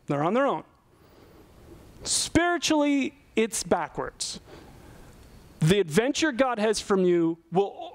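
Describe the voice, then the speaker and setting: A man's voice: high-pitched, no room sound. A middle-aged male pastor giving an earnest, conversational sermon full of rhetorical questions.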